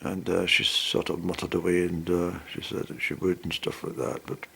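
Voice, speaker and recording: A man's voice: low voice, level tone, moderate pace, vocal fry, sharp tone, breathy edge. A man telling a meandering story and acting out both sides of the conversation. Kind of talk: rambling spoken anecdote.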